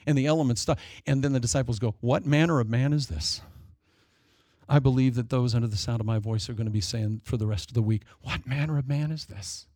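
A man preaching a sermon, dramatic and storytelling, acting out voices in quick asides. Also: mid-range voice, mellow, dry recording, clean studio sound. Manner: dramatic, acts out demons and people in quick asides.

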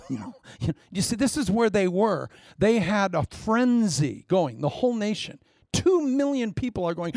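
A man preaching a sermon, animated and humorous, acting out the voices of the people he quotes. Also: high-pitched, moderate pace, no echo, studio quality. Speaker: pastor.

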